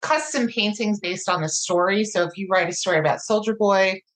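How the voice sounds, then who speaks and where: A woman's voice: medium pitch, fairly quick. A woman guest who runs a writing contest, explaining its prizes in upbeat casual chat with many fillers.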